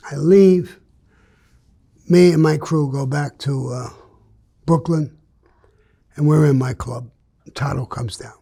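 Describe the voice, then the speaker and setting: Older New man, gravelly dark voice, blunt storyteller in an interview. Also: fairly high pitch. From New York. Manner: blunt, streetwise storytelling that acts out the dialogue.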